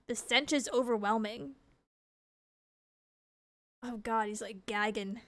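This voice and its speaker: A woman's voice: a little high, a little slow, pauses often, a bit bright, no room sound. A woman streamer reading a game's text aloud, laughing and reacting with disgust between lines.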